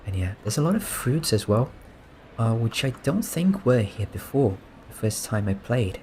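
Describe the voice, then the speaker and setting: A man giving relaxed, soft-spoken gameplay commentary, musing and amused as he points things out. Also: mid-range voice, normal speed, slight background noise. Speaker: gaming streamer.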